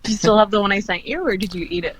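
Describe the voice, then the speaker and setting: A woman's voice: mid-range voice, rapid-fire, husky, no room sound, rough recording. A Canadian woman chatting casually as a podcast guest, with plenty of fillers and laughs.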